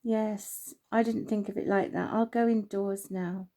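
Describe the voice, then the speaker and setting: A woman's voice: medium pitch, fairly even intonation, unhurried, dark tone, natural voice. A woman voicing a meek young female house cat, sulky and timid, in a storybook reading.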